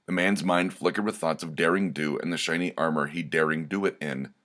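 Man reading dark comic short stories, very deep voice, deadpan, slow and deliberate, scripted narration.

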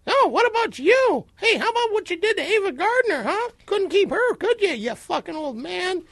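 A man doing a squeaky brash young punk. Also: very animated, normal speed, gravelly, fairly bright tone, dry recording, studio quality, heavily acted. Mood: taunting. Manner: taunting, crude. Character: brash young man mocking Sinatra, crude.

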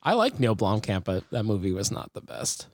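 A man co-hosting a podcast in casual chat, laid-back and quick to laugh. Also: on the low side, wildly swooping pitch, darkish tone, no room sound, clean studio sound. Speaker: podcast co-host.

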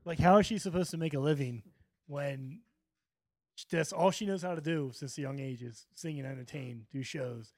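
A man's voice: on the high side, moderate pace, a little mellow, dry recording. A man co-hosting a podcast, chiming in with jokes in casual chat.

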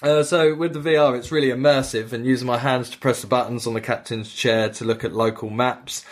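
A man's voice: mid-range voice, steady tone, a little fast. A man with an ordinary mid-range voice chats loosely on a gaming podcast. He is a crude, joking storyteller who swears freely and acts out bits of dialogue. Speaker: podcast co-host. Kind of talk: casual chat.

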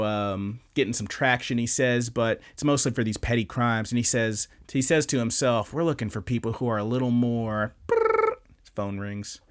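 A man's voice: medium pitch, clear, resonant tone. A man chatting casually on a podcast, walking through the plot of an anime episode. He rambles, swears freely and trips over his own sentences as he goes. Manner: rambling, profane, self-interrupting. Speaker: podcast host. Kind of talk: casual anime recap chat.

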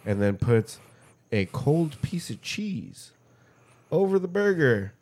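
A man's voice: fairly high pitch, big pitch swings, takes it slowly, darkish tone. Profane man telling a story in casual chat. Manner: profane storyteller, mocking voices. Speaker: podcast co-host.

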